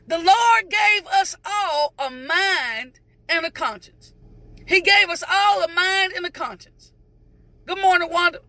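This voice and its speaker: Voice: extremely high pitch, slow pace, bright, forceful tone, no echo. A preacher giving a morning devotional sermon, greeting viewers by name and repeating phrases emphatically in a sing-song cadence.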